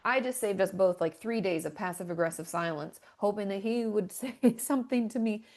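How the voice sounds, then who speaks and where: A woman's voice: medium pitch, brisk, a little mellow. A woman therapist talking candidly in a casual podcast chat, full of filler words. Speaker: therapist guest.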